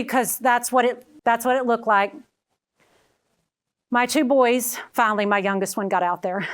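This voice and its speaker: A middle-aged woman keynote speaker with a slightly high, fairly bright voice gives a motivational talk. She tells personal stories and addresses her audience as "friends."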